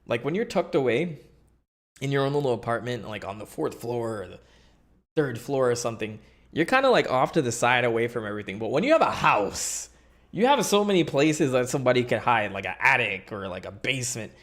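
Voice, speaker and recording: A man's voice: medium pitch, lively intonation, brisk, fairly bright tone. A young man hosting a live stream, chatting casually in a rambling, filler-heavy way and laughing often. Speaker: streamer host.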